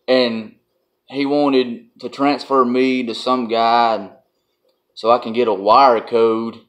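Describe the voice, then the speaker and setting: A man's voice: medium pitch, a bit bright. A man, telling a casual vlog story in a blunt, folksy way and laughing often. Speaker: vlogger.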